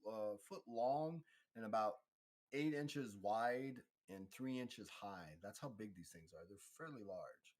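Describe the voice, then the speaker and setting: A man's voice: fairly low pitch, measured pace. A man narrating a tabletop game as game master, in a loose, rambling way.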